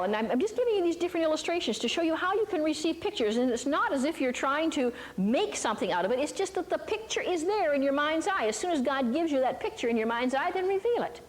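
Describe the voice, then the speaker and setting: An older woman with a high voice, a teacher in a Christian ministry, preaches a storytelling sermon to a live audience in an echoing hall. Her manner is chatty and folksy, full of asides and tag questions, and she keeps checking in with listeners by asking them little questions.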